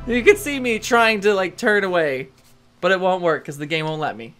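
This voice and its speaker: A woman's voice: mid-range voice, lively intonation, normal speed, fairly bright tone, faint music behind. A woman hosting a let's play, giving chatty, rambling and self-mocking commentary over gameplay.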